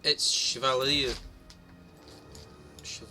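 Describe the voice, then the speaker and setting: A man's voice: medium pitch, flat delivery, drawn-out words, sharp tone, faint music behind. A man streaming a game live, chatting casually and joking with a friend. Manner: jokey, banters and laughs often. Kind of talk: casual chat while gaming.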